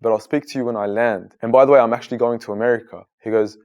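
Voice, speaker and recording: This is a man in his thirties who grew up in Australia. His pitch sits in the middle and he sounds earnest. He tells his own story for an interviewer and grows animated when he quotes other people. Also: quick pace, few pauses, muffled recording. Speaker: guest, Muslim content creator.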